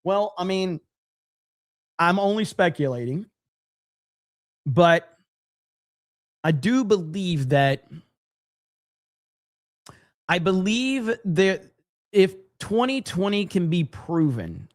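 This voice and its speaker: A man's voice: high voice, sing-song, takes it slowly, pauses often. A man hosting a live stream, chatting casually and with frequent swearing, reading viewer comments aloud. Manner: casual and profane, reads chat aloud. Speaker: livestream host. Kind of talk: casual live-stream chat reacting to clips.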